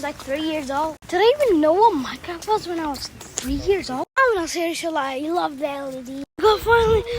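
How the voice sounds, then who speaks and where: A woman rambling in a jokey, excitable vlog, filmed on a handheld phone at an outdoor park. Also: extremely high pitch, background noise. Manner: jokey, excitable, blurts out squeals and exclamations. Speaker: vlogger. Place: outdoor park on a sunny day.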